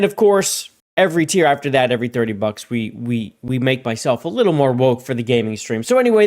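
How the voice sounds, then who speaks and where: A man hosting a casual gaming livestream, rambling and repeating himself, and jumping up in pitch and volume whenever he greets people in chat. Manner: jumps high and loud when greeting chat. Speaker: livestream host.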